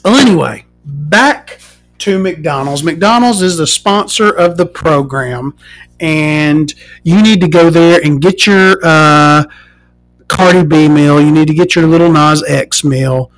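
Male actor as a crude woman podcast host, rambling and profane, pitched a bit high. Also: slow pace, fairly bright tone. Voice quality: rambling, profane, full of fillers. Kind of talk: improvised comedy monologue.

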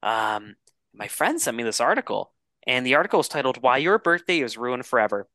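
A young man co-hosting a podcast, his voice bright and forceful. He rambles animatedly through stories and swears freely. The recording is close and dry, with no room sound. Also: medium pitch, big pitch swings, fairly quick, no echo. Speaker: podcast co-host. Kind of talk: casual chat.

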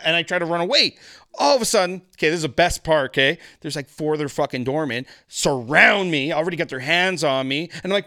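A man telling stories as a podcast guest, animated and profane, acting out the people in his stories. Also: fairly high pitch, fast talker, dry recording, studio quality. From Canada. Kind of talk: casual storytelling.

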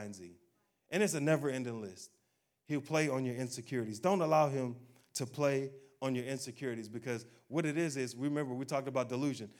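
A man preaching a sermon, speaking directly to his congregation and acting out people's doubts in a low, quiet voice. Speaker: pastor.

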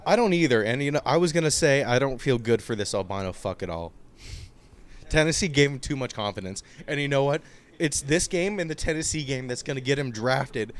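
A young man co-hosting a podcast, talking casually, excitable and incredulous, with lots of swearing. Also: mid-range voice, fairly quick. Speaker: podcast co-host. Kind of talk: casual chat.

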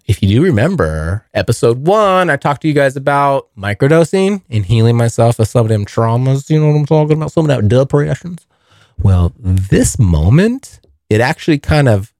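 A man's voice: medium pitch, a little mellow, no echo, studio quality. A young man hosting his own podcast, telling a long story in a rambling, casual way, swearing often and calling listeners dude. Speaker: podcast host.

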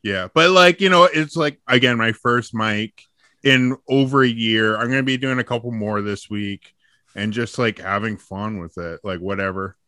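A man's voice: lowish voice, moderate pace, sharp tone, dry recording, clean studio sound. A young man and comedian, chatting casually on a podcast and rambling through an anecdote with lots of filler words. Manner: rambling storyteller, frequent "like" fillers, laughs often. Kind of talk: casual chat.

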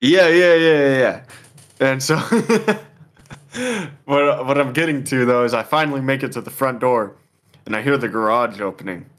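Chill young dude telling a story, lots of swearing n laughing, average pitch. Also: male voice, measured pace. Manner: laid-back, swears a lot, laughs often. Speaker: podcast co-host telling a story. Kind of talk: casual storytelling chat.

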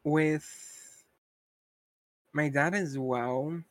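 A man's voice: on the high side, steady tone, very slow, no echo. A young man co-hosting a podcast, talking in a casual, frustrated rant full of "like" and asides. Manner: frustrated ranting, heavy use of "like". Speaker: podcast co-host. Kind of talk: casual chat.

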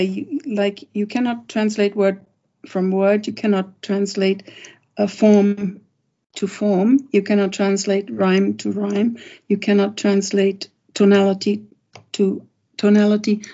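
Slow, gravelly woman translator, lo-fi. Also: medium pitch, little pitch movement, mellow. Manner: thoughtful, halting, many pauses and restarts. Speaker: poet and translator. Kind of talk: unhurried interview talk, reading a poem aloud. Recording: dull lo-fi recording.

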